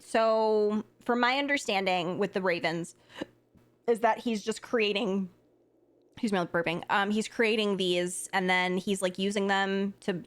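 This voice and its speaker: A woman's voice: medium pitch, a bit bright. A woman streaming a game live, chatting casually and thinking aloud with lots of fillers.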